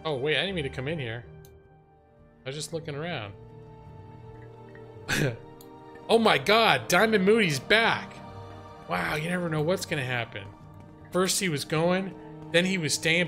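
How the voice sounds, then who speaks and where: A young man hosting a live game stream, chatting casually, laughing and reading his chat aloud. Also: on the high side. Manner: animated, laughing, reads chat and jokes aloud.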